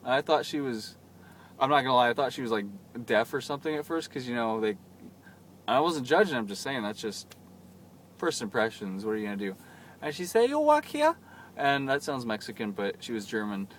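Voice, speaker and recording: A man's voice: mid-range voice, fairly quick, fairly bright tone, a little hiss or hum. A young man rambling through a chatty, self-mocking vlog story into his camera. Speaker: vlogger. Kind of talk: casual vlog monologue. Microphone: camera mic.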